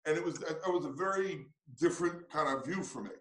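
Earnest coach in an echoey room. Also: male voice, a little high, brisk, a bit bright. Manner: earnest, reflective, with many restarts. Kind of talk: interview answers.

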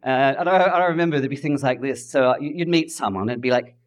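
A middle-aged Australian man from Adelaide talks fast in a medium-pitched voice, telling his story to a laughing audience in an event hall. He's wry and self-deprecating, slipping in playful impressions and asides.

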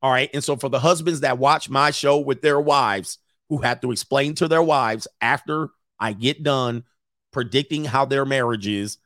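A man's voice: mid-range voice, normal speed, a bit bright, no echo, clean studio sound. A man in his forties, a relationship coach chatting casually on a livestream, joking and rambling and laughing often. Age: 40s.

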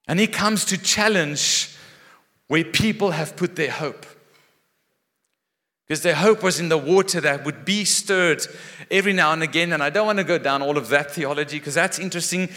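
A man preaching a sermon, moving between raised, animated lines and hushed, quiet ones. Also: a little high, moderate pace. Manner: animated, dramatic shifts between loud and hushed. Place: church hall. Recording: long echo of a large hall.

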